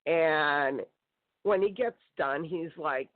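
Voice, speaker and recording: Over tinny phone-line audio, a woman guest on a call-in show gives intense, aggrieved testimony about her own life. Her voice is low and a little slow, with no echo.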